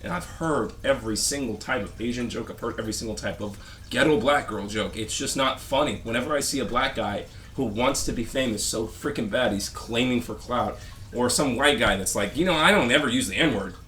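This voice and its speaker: A man's voice: medium pitch, a bit bright, slight background noise. A man vlogging a rambling complaint, sarcastic and dismissive, stopping and restarting his sentences often. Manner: halting, rambling rant with frequent restarts.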